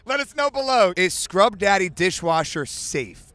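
A man hosting street interviews outdoors at a stadium parking lot, loud, profane and full of hype-man energy. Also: high voice, very animated, a little slow. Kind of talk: hyped vox-pop interviewing. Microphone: handheld mic.

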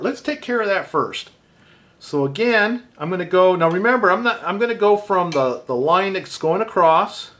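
Guy explaining his drawing step by step, kinda higher voice, talks to himself as he measures. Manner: calm, thinking aloud while drawing. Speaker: art teacher.

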